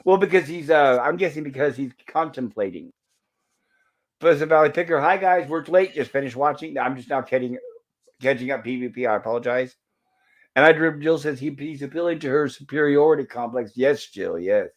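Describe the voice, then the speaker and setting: A man's voice: mid-range voice, brisk. A man hosting a live movie review stream, narrating scenes over the film and reading viewer comments aloud. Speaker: livestream host.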